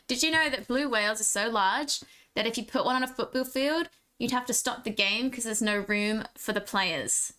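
A young woman chatting away on a live stream, jokey and quick to giggle. Her voice sits a little high and rings bright and clear. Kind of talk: casual live-stream chat.

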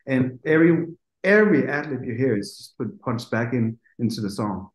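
A man, a music producer, telling animated stories in an interview, acting out quotes and swearing casually. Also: medium pitch, moderate pace, reverberant, poor audio. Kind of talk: anecdotal interview storytelling.

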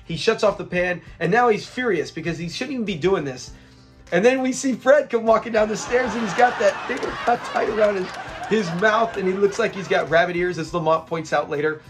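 A man with a notably high voice talks through a sitcom episode in a casual, rambling way. He sounds eager as he retells the scenes, with faint music playing underneath. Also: moderate pace. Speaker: host of a classic sitcom review channel.

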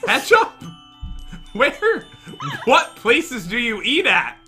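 A man co-hosting a game video, joking excitably and laughing a lot. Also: extremely high pitch, takes it slowly, music in the background. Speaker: co-host of a gaming video. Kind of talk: casual let's-play chat.

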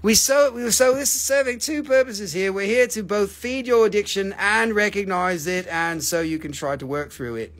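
A man with a slightly high voice hosts a live crystal sale. He talks casually and jokingly, teases his viewers and swears freely along the way. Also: normal speed, few pauses, a bit bright. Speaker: host selling crystals on a livestream. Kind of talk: casual live sales chat.

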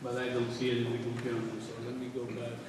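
A man's voice: mid-range voice, monotone, fast talker, distant mic, very noisy. A man giving an informal, irreverent architecture lecture, sometimes swearing, in a large lecture hall. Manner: casual, irreverent, occasionally swearing. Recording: echoey hall, voice from afar.

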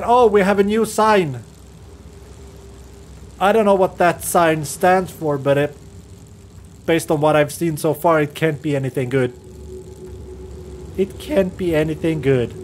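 Game streamer, male, high voice, slow unhurried delivery, skittish and foul-mouthed while reacting to scares. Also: slight background noise. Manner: jittery, swearing, nervous laughter, talks to himself. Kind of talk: let's play commentary.

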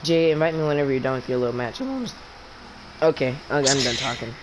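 A teenage boy streams an online game while chatting with friends over voice chat, talking very fast in a mid-range voice against heavy background noise. He gets excitable and shouts during fights, his voice cracking upward when he yells.

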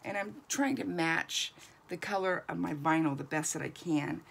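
Chatty woman with a gravelly low voice. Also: moderate pace, fairly bright tone. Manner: chatty, encouraging, thinks aloud. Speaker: reborn doll artist. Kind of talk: crafting tutorial.

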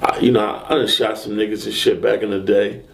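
A man being interviewed, telling a story casually and acting out what people said with sudden high, loud bursts. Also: brisk, gravelly. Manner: animated, acts out quotes and shouts in sudden high bursts.

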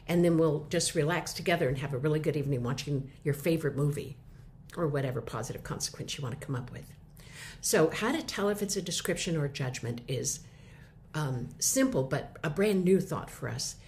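Middle-aged woman, lower voice, friendly explainer type for a teaching talk. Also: a little fast, a little mellow, a little hiss or hum. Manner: conversational, explains with short acted examples. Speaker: communication teacher. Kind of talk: instructional talk to camera.

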